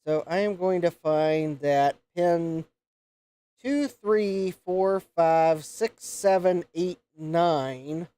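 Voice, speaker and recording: A man's voice: on the high side, very slow, dark tone, clear, resonant tone, dry recording. A man hosting a live repair stream, thinking aloud and counting pins as he checks a circuit board. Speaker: host of a retro computer repair livestream.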